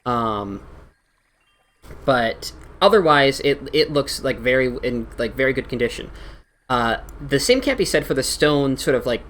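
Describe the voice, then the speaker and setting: A man running a tabletop game, his rambling narration full of fillers and restarts. His pitch rises and falls a lot as he describes things. Faint noise sits under his voice. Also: fairly bright tone. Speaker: game master.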